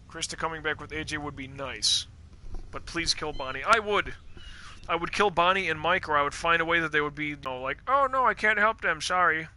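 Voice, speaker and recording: A man streaming a game live, rambling in casual, profane, animated rants about the story's characters. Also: a little high, a little hiss or hum.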